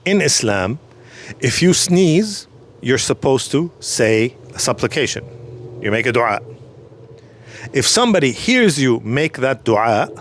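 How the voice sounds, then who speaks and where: A man teaching a short religious lesson, calm and patient, who repeats each phrase again more slowly so the listener can follow. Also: medium pitch, slight background noise.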